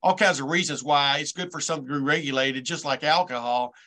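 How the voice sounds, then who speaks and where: A man's voice: on the high side, fast, bright, forceful tone. A man in his sixties hosting a casual sports chat, folksy and rambling, stammering now and then as he frames his questions. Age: 60s. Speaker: host.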